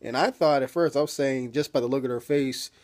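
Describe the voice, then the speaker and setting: A man's voice: medium pitch, brisk, darkish tone. A man casually recapping a TV episode as a reviewer, rambling with many fillers and swearing freely.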